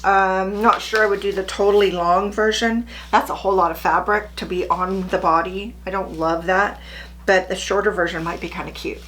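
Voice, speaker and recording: A middle-aged woman talks casually to her camera as a sewing vlogger, chirpy and a little self-deprecating. A faint hum sits quietly behind her voice. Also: mid-range voice, fairly even intonation, normal speed.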